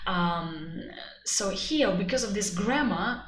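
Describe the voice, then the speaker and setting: A woman with a Russian accent teaching a live webinar. She talks in an animated, chatty way and uses many fillers. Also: mid-range voice, slow. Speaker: IELTS teacher. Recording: echoey room, faint background noise.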